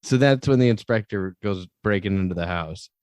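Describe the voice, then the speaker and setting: A man's voice: lowish voice, normal speed, darkish tone, no room sound. A man casually recapping a movie on a podcast, rambling, laughing often and acting out lines. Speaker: podcast co-host. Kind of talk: casual movie review chat.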